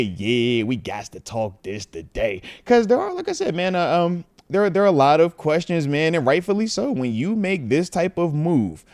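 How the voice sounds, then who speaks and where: A man in his thirties hosting a casual livestream from home, animated as he reads out fan messages. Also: fairly high pitch, no echo, clean studio sound. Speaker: host.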